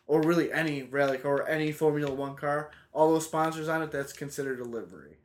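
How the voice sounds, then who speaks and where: A man's voice: on the high side, fast talker. A man, a guest on a casual podcast, explaining car terms patiently and laughing often. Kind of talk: casual podcast chat about a racing game.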